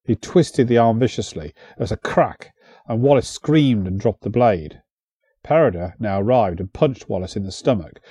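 A man reading a historical adventure audiobook in a steady, measured storytelling manner. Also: mid-range voice, no room sound. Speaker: narrator. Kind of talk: audiobook narration.

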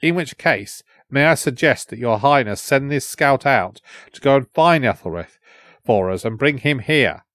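A man's voice: mid-range voice, lively intonation, measured pace, fairly bright tone, dry recording. A scornful warrior who sneers at everyone, as a male narrator puts him on. He speaks bluntly and with contempt. The sound is dry and close.

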